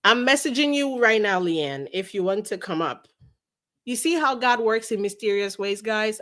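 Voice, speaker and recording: A woman hosting a casual livestream, chatting about a lawsuit and reading viewer messages aloud in an animated way. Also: medium pitch, moderate pace. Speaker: livestream host.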